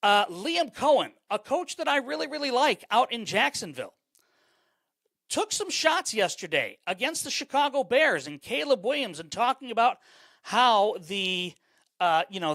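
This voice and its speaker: A man's voice: high-pitched, sharp tone, no room sound. Rambling male sports podcast host. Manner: rambling, repeats words, many fillers; greets chat viewers by name mid-thought. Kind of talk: live-streamed sports talk.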